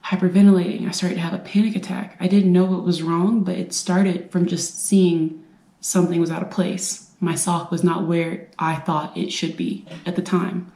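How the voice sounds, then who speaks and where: A woman from the United States telling her own survivor story in an earnest, halting way, repeating phrases for emphasis. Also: on the low side, little pitch movement, mellow. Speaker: brain injury survivor and veteran speaker. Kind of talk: personal storytelling talk. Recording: roomy echo.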